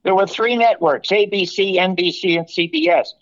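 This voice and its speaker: An older man, a television producer, telling animated stories in an interview and acting out the dialogue. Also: high voice, moderate pace. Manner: animated anecdote-telling, acts out quoted dialogue. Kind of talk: storytelling interview. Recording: muffled, lo-fi audio.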